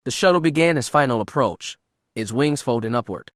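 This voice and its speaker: A man narrating an unabridged science-fiction audiobook in a steady, measured way. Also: mid-range voice, no echo, studio quality. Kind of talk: scripted narration.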